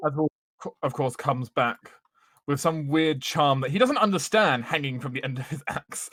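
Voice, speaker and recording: Halting male player, dry close sound. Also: a little high, fairly bright tone, dry recording. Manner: halting, searching for words. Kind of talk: live tabletop game chat.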